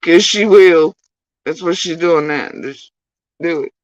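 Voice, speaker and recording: A woman's voice: fairly low pitch, a little slow, no echo, lo-fi sound. A woman streamer, ranting and swearing in sarcastic, mocking commentary on clips she plays.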